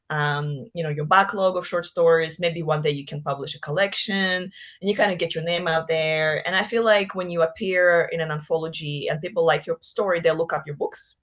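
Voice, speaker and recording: A woman author from Russia, chatting casually in an interview, with frequent laughs and fillers like "you know" and "like". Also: deep voice. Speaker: author guest.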